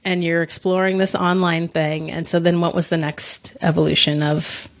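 Host: woman, slightly low voice, relaxed and chatty, laughs easily. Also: normal speed. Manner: friendly, laughs easily, guides the conversation. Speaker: host and business coach. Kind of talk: casual interview chat.

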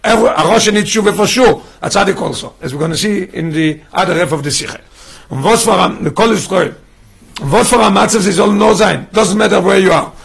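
Man, rabbi teaching a class, emphatic, quick pace, husky voice. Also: sits high. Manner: emphatic, mixes in Yiddish and Hebrew terms. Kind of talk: Torah class lecture.

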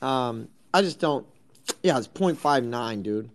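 A young man hosting a crypto talk stream, rambling and swearing in loud, jumpy, sarcastic banter from an office at night. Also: medium pitch, lively intonation, a little slow. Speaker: crypto space host.

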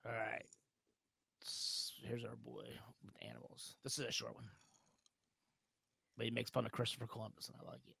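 A man's voice: medium pitch, monotone, normal speed, vocal fry, pauses often, bright, forceful tone, husky, dry recording. A man co-hosting a podcast, introducing clips and joking with profanity. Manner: joking, profane, leads the segments. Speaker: podcast co-host. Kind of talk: casual chat.

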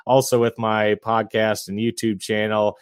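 A man's voice: on the low side, level tone, unhurried, clear, resonant tone, dry recording, clean studio sound. A man guesting on a podcast, talking about real estate in an easygoing way with frequent chuckles and fillers. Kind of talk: casual interview chat.

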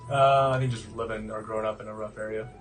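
A man playing a laid-back male journalist with an offhand, casual manner, with loud music behind. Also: on the low side, steady tone, fast talker, natural voice.

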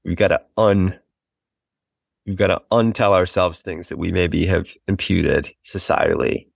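Gravelly, low-voiced man, earnest. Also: steady tone, unhurried, dry recording, clean studio sound. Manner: earnest, thoughtful, musing aloud. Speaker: guest, author. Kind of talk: reflective podcast interview.

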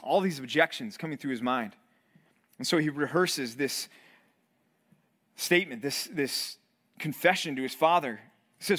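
Animated preacher with a higher-pitched voice. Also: male voice, normal speed. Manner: animated, acts out quoted voices. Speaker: pastor. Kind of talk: sermon.

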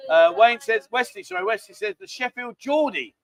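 A man's voice: extremely high pitch, big pitch swings, moderate pace, a bit bright, dry recording. A middle-aged man with a London accent hosting a live stream, chatty, jokey and rambling. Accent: London English. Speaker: livestream host. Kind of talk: casual chat.

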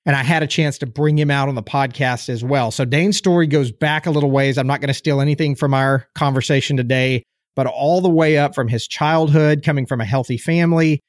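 A man's voice: medium pitch, no echo. An enthusiastic man hosts a casual podcast interview, his voice sitting in the middle range for a man. He talks in an upbeat, fired-up way, recorded dry and close with no room sound. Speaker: podcast host.

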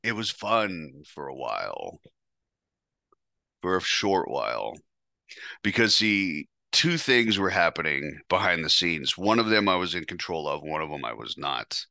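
A man's voice: deep voice, sing-song, unhurried, vocal fry, pushed and bright, dry recording. A man hosting a podcast, telling a candid personal story in a blunt, profane, confessional way. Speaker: podcast host.

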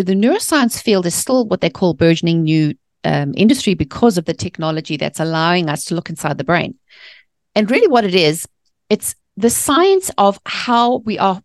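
A woman guest author speaks passionately about faith and the mind in an animated interview, sometimes ranting and voicing the people she quotes. Her voice sits on the low side with vocal fry. The recording is dry and clean, studio-quality.

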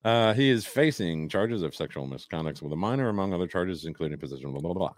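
A man co-hosting a live talk show, reading news stories aloud with halting restarts and casual asides. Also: deep voice, animated, dry recording, clean studio sound. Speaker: podcast co-host. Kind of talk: casual live-stream chat.

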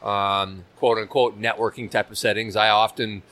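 A man's voice: lowish voice, flat delivery, moderate pace, a bit bright. A man guesting on a talk show, describing himself with dry, self-deprecating humor in a public market. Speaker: business founder, guest. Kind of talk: casual interview chat.

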